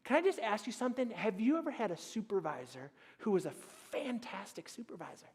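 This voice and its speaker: A man preaching a sermon as pastor, animated and storytelling, acting out little scenes and dropping to a hush on key points. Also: high voice, a little fast, breathy edge. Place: church sanctuary. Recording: church hall reverb.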